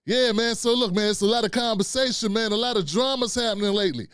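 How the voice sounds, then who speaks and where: Man, middle-aged, high voice, dry close sound, laid-back live-stream chatter. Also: quick pace, fairly bright tone, clear, resonant tone, dry recording. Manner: loose and chatty, talks to chat and producer, frequent "man" and "fam". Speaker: live-stream show host. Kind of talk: casual live-stream chat.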